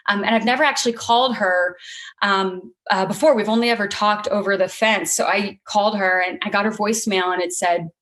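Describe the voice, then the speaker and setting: A woman telling a personal story on stage, earnest and conversational, often pausing on "um" and getting emotional. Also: medium pitch, fairly even intonation, fairly bright tone. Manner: earnest, conversational, with many ums; emotional, laughing through tears.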